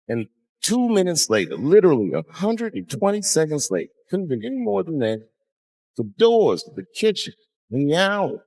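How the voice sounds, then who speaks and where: A man telling a long, profane story on stage as a stand-up comedian. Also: a little high.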